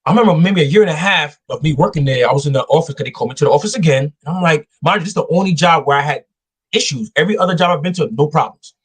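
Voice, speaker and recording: Emphatic husky man preaching confidence. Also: fairly high pitch, animated, rapid-fire. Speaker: guest. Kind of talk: casual podcast talk.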